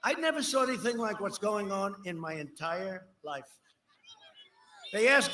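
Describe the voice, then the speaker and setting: A man giving a rally speech in a rambling, repetitive way, jumping from shouted lines to low muttering. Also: lively intonation, unhurried, long pauses. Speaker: political speaker at a rally.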